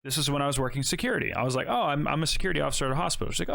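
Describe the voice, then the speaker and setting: A man with a bright, fairly high voice tells a story on a casual podcast, swinging his pitch widely as he acts out every line of dialogue. He swears freely and keeps the telling animated. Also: very fast, vocal fry, few pauses. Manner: animated, profane, acts out both sides of dialogue. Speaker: podcast co-host.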